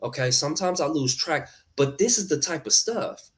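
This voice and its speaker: A man's voice: on the high side, animated, moderate pace. Earnest guy preaching mindset on a livestream, voice jumps all over. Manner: earnest, repetitive, addresses viewers as y'all. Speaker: motivational live streamer. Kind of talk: casual motivational talk.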